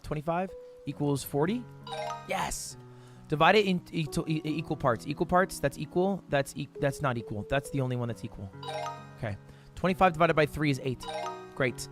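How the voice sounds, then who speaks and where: A young man streaming himself solving math drills, reading questions aloud fast, muttering counts and shouting in frustration. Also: fairly high pitch. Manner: frustrated outbursts, reads questions aloud fast, counts under his breath. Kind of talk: live-stream commentary while solving math problems.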